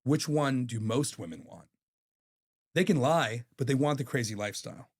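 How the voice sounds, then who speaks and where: A man's voice: mid-range voice, moderate pace, slightly rough. Candid, profane man in his thirties. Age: 30s. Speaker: podcast guest. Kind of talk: casual chat.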